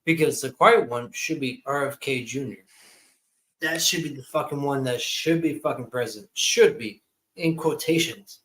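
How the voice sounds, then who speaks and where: A man's voice: mid-range voice, fairly bright tone, rough recording. Drunk man in his twenties ranting. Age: 20s. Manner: heated, profane ranting. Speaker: guest on a livestream. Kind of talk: casual live chat.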